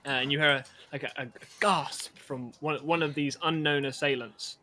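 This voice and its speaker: A man runs a tabletop game as its game master, narrating in a loose, rambling way full of fillers. His voice is bright and slightly higher than most men's. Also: fairly even intonation, moderate pace, a little hiss or hum.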